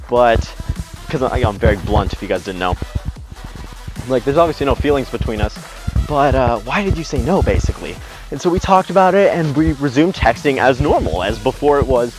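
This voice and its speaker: A young man tells a rambling story as he walks outside on a windy day, recorded on a handheld camera. He is blunt and swears freely, and his pitch sits in the middle for a man. Music plays clearly underneath, and wind comes through on the camera audio. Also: lively intonation, fast talker, rough recording. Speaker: vlogger. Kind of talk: casual storytelling while walking. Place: outdoors on a windy walk.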